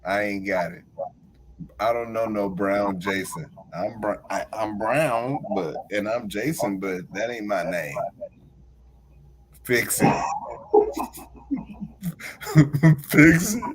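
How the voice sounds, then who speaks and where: Animated forty-something man telling stories. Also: fairly low pitch, takes it slowly, pauses often, background noise. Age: 40s. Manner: animated storytelling, laughs often, acts out callers. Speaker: podcast host. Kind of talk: casual chat.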